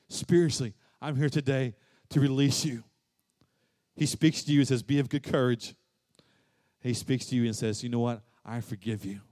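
A man preaching a sermon as pastor. He moves between soft, low passages and loud, emphatic rises.

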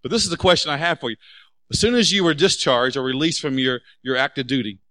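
A man preaching a sermon, animated and asking the congregation rhetorical questions. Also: mid-range voice, quick pace, dry recording, poor audio. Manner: acts out quoted voices. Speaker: pastor.

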